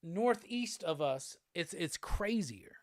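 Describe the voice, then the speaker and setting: A man with a high, animated voice speaks slowly as he hosts a live stream, casually reading viewer comments. He's from the Southern United States, laid-back and profane, and laughs frequently. The studio-quality audio carries no room sound.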